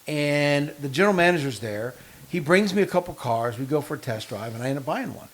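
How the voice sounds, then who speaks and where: A man co-hosting a casual podcast chat, telling long, animated anecdotes full of quoted dialogue. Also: a little high, fairly quick. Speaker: podcast co-host.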